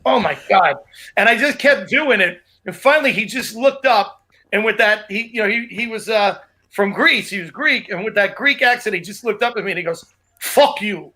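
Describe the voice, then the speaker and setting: A comedian co-hosting a relaxed podcast, his voice high-pitched and bright. He rambles through his stories with restarts and asides. The talk is casual and chatty. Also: brisk. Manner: loose, rambling storyteller with restarts. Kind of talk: casual chat.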